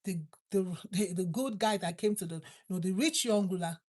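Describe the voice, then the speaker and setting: A woman preaching and praying, repeating her thanks to God and slowing down on key words. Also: medium pitch, darkish tone. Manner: fervent, repetitive prayer phrases, slows for emphasis. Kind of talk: prayer and sermon.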